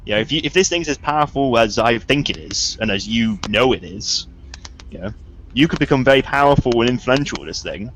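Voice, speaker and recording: Animated male tabletop player. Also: medium pitch, brisk, a little hiss or hum. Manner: hesitant, animated. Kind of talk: casual tabletop play.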